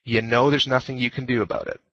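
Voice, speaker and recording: A man leads an informal lecture in a mid-range voice, relaxed and joking as he hammers home his main points. The sound is dry and dull, like a headset over voice chat. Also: medium pitch, fast, no echo. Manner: conversational, jokey, repeats key points. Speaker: guest lecturer on fleet command.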